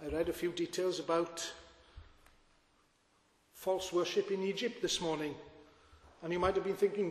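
A man's voice: high voice, fairly even intonation, moderate pace, long pauses. A man preaching a sermon as pastor, earnest and full of rhetorical questions to his congregation. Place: church. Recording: echoey church with long reverb.

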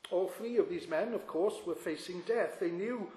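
A man preaching a sermon in an earnest, measured way, pausing with fillers. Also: high voice, mellow. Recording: echoey hall.

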